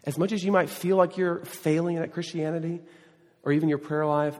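A man's voice: a little high, steady tone, a little fast, a little mellow. Pastor guy telling a rambling story in his sermon, lots of restarts, church echo behind him. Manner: storytelling, rambling with restarts and self-deprecating asides. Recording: long hall reverb.

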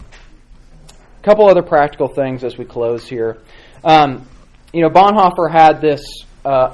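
Halting man teaching a church class. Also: a little high. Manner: halting, many fillers and restarts, warm encouraging replies. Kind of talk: Sunday school class teaching.

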